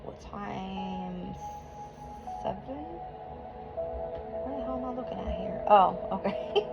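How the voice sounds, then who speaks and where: A woman doing a tarot reading for her viewers from a room at home, worked up, hot and sweaty, cursing and laughing as she goes. The recording sounds dull and lo-fi, with music playing clearly behind her. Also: medium pitch, slow. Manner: emotional, swears and laughs often. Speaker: tarot reader.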